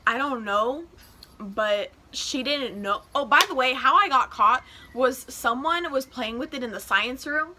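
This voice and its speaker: A teenage girl telling a casual storytime to her phone camera, animated and swearing freely as she acts out the people in it. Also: high voice, measured pace, slight background noise. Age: teens. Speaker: vlogger.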